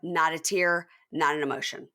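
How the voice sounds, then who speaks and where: Chatty woman host, bright and animated. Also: normal speed. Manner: animated, acts out quotes with big pitch jumps. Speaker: podcast host. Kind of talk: casual chat, recapping.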